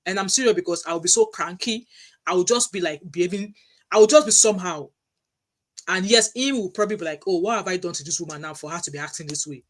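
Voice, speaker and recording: Nigerian-accented woman in her thirties, vlog commentary, emphatic, asks rhetorical questions, mixes in Pidgin. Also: lowish voice. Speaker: vlogger, mother.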